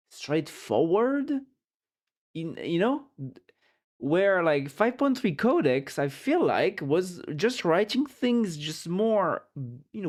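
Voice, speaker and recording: A man livestreaming, chatting casually with viewers, rambling and repeating words while he searches for them, reading chat aloud and joking along. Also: fairly high pitch. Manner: reads chat aloud and jokes with it.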